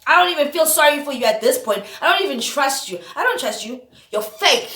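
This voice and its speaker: A woman's voice: sits high, expressive, a little fast, bright, forceful tone, roomy sound. A woman vlogging an opinion rant to camera, exasperated and firing off repeated rhetorical questions. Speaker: vlogger host.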